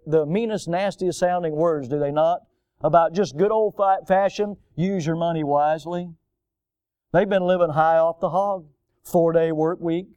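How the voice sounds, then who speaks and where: Older male pastor, sermon delivery, smooth clear voice, dry close sound, lively mocking asides. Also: a little high, no room sound. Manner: animated preaching with mocking voices for quoted people. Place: church.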